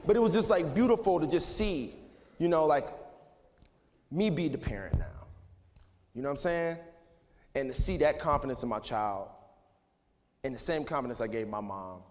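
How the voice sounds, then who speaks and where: Speaking to students in an echoey school auditorium with faint background noise, a man in his thirties rambles through a casual motivational talk full of "like" and "you know." His voice is fairly high and darkish, with lively intonation, a normal speed, and frequent pauses.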